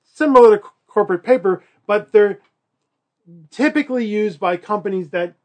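A man's voice: high-pitched, expressive, moderate pace, a little mellow. A male college instructor giving a recorded lecture in a chatty, joking way, with many fillers and acted-out quotes.

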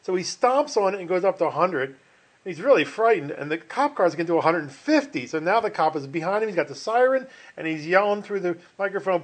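A man's voice: on the high side, animated, fast. A middle-aged man teaching a finance class online, rambling and folksy, with many restarts and fillers. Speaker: finance instructor.

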